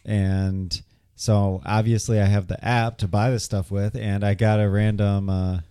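A man co-hosting a casual movie review podcast, relaxed and sprinkling in fillers. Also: fairly low pitch, a little slow, clean tone, no room sound, clean studio sound. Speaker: podcast co-host.

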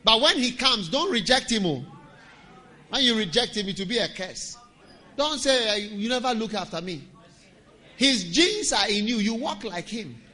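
High, bright-voiced preaching man. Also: expressive, normal speed. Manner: emphatic preaching, shouting some lines. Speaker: pastor. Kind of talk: sermon.

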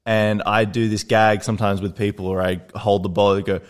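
With a lowish voice and a slightly quick pace, this man co-hosts a podcast and relates a story in relaxed chat. He performs the quoted voices of the characters with animated flair.

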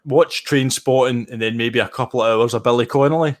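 A Scottish man talking as a guest on a podcast, casual and enthusiastic. His voice sits at an ordinary middle pitch, and he loops back over his words as he goes. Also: brisk. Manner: chatty, enthusiastic, restarts phrases often. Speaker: guest sim racer. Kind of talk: casual interview chat.

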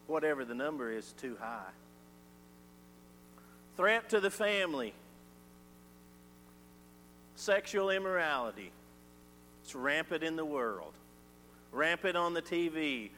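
A man preaching a sermon, swinging from loud emphatic lines to quiet ones. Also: a little high. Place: church sanctuary. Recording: reverberant church hall with faint hum.

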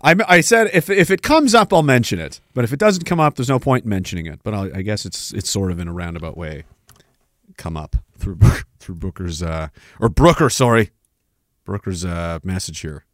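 On his home livestream, a man chats in a rambling way, swears frequently, and interrupts himself to read the chat. His lowish voice is expressive, a bit bright, and at normal speed, in a dry, studio-quality recording.

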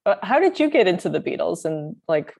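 A woman's voice: fairly low pitch, sing-song, a little fast, creaky, darkish tone. A woman hosting an interview, chatting casually and encouraging her guest with frequent backchannels. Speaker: podcast host.

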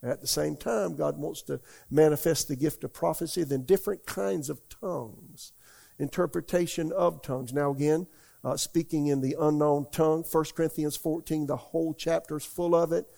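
Older man preaching with a gravelly voice. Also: fairly high pitch, fairly even intonation, moderate pace, mellow. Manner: folksy, rambling, asks the congregation questions. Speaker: pastor. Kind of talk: conversational sermon. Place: church.

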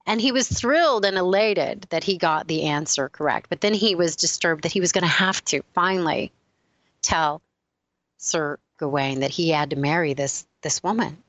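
Low-voiced woman telling a spiritual story. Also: no room sound, dull audio. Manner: animated storyteller, switching quickly between characters. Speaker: spiritual speaker. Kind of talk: storytelling talk.

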